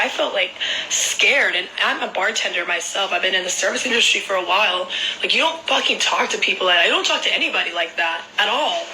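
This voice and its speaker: A young woman recounts a personal story in loose, rambling chat, leaning on "like" at every turn. Her voice sounds strikingly bright and sharp, with a faint hiss of noise behind it. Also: mid-range voice, fairly quick, poor audio. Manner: rambling, packed with filler "like". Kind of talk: casual storytelling.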